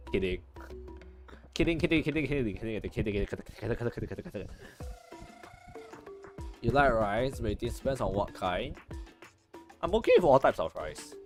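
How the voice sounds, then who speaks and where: A young man chatting casually over gameplay, joking and correcting himself with many restarts. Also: mid-range voice. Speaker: gaming streamer.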